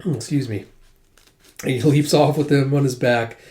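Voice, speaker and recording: A man with a warm, relaxed voice in a mid register gives a casual read-through of a manga. He strings the scenes together loosely and throws in offhand asides, like a fan chatting through the story. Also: medium pitch, moderate pace. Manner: retells scenes with 'it's like' between quoted lines. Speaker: manga recap host.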